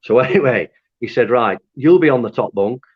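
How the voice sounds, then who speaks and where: A man from Lancaster, telling his story to an interviewer in an animated, candid way, swearing freely and laughing at himself. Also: medium pitch, brisk, breathy edge. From Lancaster, North West England. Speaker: interview guest. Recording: dull lo-fi audio.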